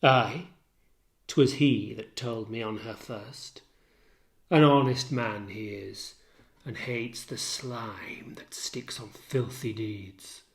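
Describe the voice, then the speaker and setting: A man reading the part of a tormented, jealous general, declaiming verse and swinging between hushed and loud lines. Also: lowish voice, slow, pitched below the performer's own voice. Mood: accusing. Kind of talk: dramatic reading of a play.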